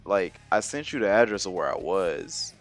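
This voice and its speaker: Young adult male storyteller, low register, loose and slangy, over soft background music. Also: moderate pace. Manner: rambling, slangy, animated retelling with many fillers. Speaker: storyteller vlogger. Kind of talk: casual storytime monologue.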